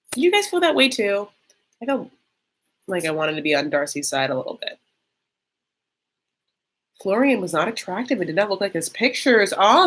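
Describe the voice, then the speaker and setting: A woman's voice: on the low side, a bit bright, husky. A woman hosting a casual live reaction stream, chatty and catty, reading viewer comments aloud and filling her talk with "like".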